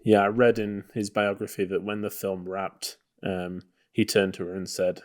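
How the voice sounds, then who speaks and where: A man's voice: low voice, level tone, moderate pace, few pauses. A man co-hosting a podcast, talking casually about a film in a loose, hedging way. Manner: loose and hedging, full of "you know" and "kind of". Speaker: podcast co-host.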